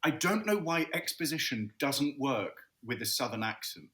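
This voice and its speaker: A British actor guesting on a film podcast, making dry, wry remarks. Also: male voice, medium pitch, big pitch swings, normal speed, pushed and bright, slight background noise. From Britain. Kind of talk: casual podcast chat.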